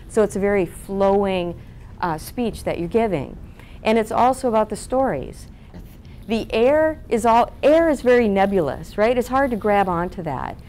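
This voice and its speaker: A woman teaching public speaking at a seminar, asking the room questions and acting out flat and lively voices. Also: mid-range voice, slight background noise. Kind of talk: seminar talk to a live group.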